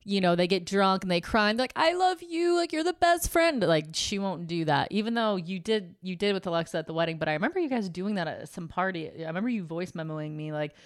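A woman's voice: lowish voice, fast, few pauses, no room sound, clean studio sound. A young woman in casual chat as podcast co-host, frank and swearing freely, full of "like" fillers.

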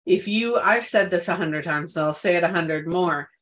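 A woman's voice: lowish voice, moderate pace, fairly bright tone. A woman co-hosting a casual wellness chat, who talks emphatically and repeats words for stress. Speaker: podcast co-host.

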